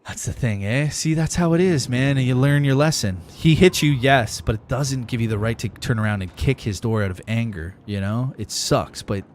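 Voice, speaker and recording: A man's voice: medium pitch, moderate pace, few pauses, slight background noise. A young man streaming a game live, chatting with viewers in a profane, emphatic, ranting way. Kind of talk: casual gaming livestream chat.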